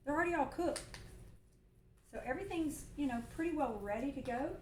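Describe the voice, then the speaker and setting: Chatty and long-winded, a Southern-accented woman talks her way through a casual cooking demo on a livestream from her home kitchen. Her high-pitched voice is fairly quick with a darkish tone. The low-quality recording, from a movable mic near the stove, sounds roomy with a little hiss or hum.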